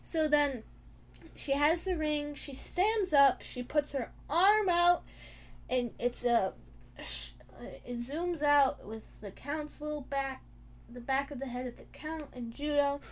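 A woman's voice: sits high, slow pace. A young woman co-hosting a podcast, rambling and giggly as she retells scenes and acts out quotes. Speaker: podcast co-host. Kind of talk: casual chat.

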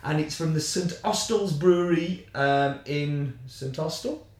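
A man's voice: a little high, measured pace, a little mellow, recorded from a distance. A man co-hosting a casual podcast, chatty and jokey, teasing his co-host. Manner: jokey, teasing, reads labels aloud. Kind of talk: casual chat. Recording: roomy sound, a bit off-mic.

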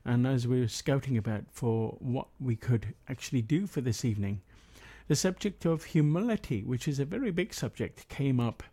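A man's voice: mid-range voice, lively intonation, normal speed, mellow. A man leading a prayer meeting, reading Bible passages steadily and adding his own comments with hesitant fillers.

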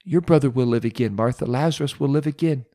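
Jesus, a calm and commanding man, as a preacher puts him on in a middle-pitched voice. He speaks with steady, solemn authority in a retold scripture story. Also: quick pace, lightly acted.

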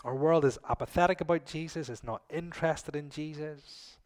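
A middle-aged man preaching a sermon to a congregation, swinging between loud, emphatic lines and soft, low asides. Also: moderate pace.

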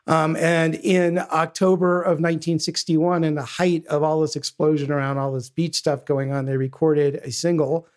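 A man's voice: on the high side, level tone, moderate pace, hardly any pauses. A man co-hosting a podcast, guiding the talk through a band's history and introducing songs. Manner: steers the episode, introduces songs. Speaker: podcast co-host. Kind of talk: casual music discussion.

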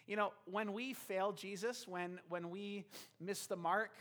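A man's voice: high voice, moderate pace, pushed and bright. A man preaching a sermon, retelling a scripture story and acting out the characters' lines.

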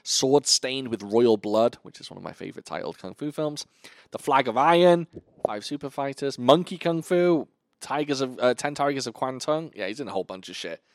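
A man hosts a podcast in a medium-pitched voice at normal speed, chatting casually and enthusiastically about kung fu films, listing titles and swearing often. The recording is dry and clean, studio quality.

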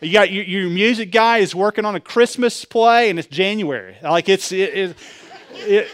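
A man, a pastor preaching a sermon in a conversational way, swinging between loud emphasis and quiet asides. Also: sits high, normal speed, dry recording.

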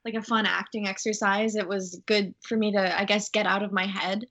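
A woman's voice: mid-range voice, level tone, brisk, a bit bright, dull audio. A young woman, an actor, chatting breezily in an interview with plenty of "like" and "um". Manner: breezy, lots of "like" and "um". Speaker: actor guest. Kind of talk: casual interview chat.

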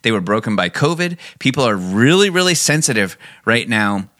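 Man, podcast co-host, ranting, profane, dry close sound, mid pitch. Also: big pitch swings, moderate pace, fairly bright tone, dry recording. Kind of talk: casual podcast chat.

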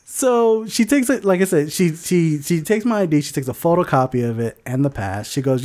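Dude podcast host telling a story, kinda high voice, all over the place, swears a lot, keeps laughing. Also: male voice, moderate pace, hardly any pauses. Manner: animated, profane, laughs often, acts out other voices. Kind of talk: casual storytelling chat.

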